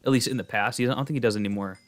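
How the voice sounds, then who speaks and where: A young male streamer chatting loosely with his viewers while he plays. He rambles, trips over his words and restarts often, filling gaps with "like". His voice sits at an ordinary middle pitch. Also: rapid-fire. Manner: rambling, many fillers and restarts. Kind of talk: casual chat while gaming.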